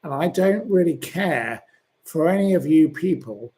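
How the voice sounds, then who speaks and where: A man's voice: fairly high pitch, expressive, measured pace, dark tone. A man hosting a livestream, reading viewer comments aloud and ranting and swearing at commenters. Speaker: channel host.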